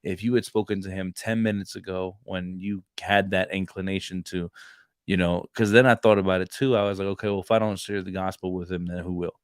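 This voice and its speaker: A man's voice: low-pitched, steady tone, fairly quick, clear, resonant tone, no echo, clean studio sound. A man co-hosting a casual faith podcast, telling rambling stories and acting out the dialogue in them. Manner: rambling storyteller, acts out quoted dialogue. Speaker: podcast co-host; Marine reservist.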